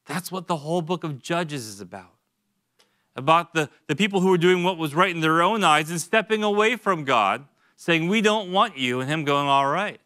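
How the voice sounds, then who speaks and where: A young man gives a relaxed, chatty sermon at church, his voice bright and forward with a clean, ringing clarity. He teaches in a friendly, conversational way, slipping in quick jokes and asides and sometimes repeating a word as he gathers his thoughts. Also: a little high. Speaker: pastor.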